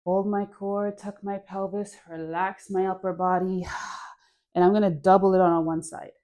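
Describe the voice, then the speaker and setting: A young woman guides a home dance class, chatting and cheering the viewer on as she moves. Her voice is mellow and relaxed, and she sighs softly between cues. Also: medium pitch, moderate pace. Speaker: dance instructor.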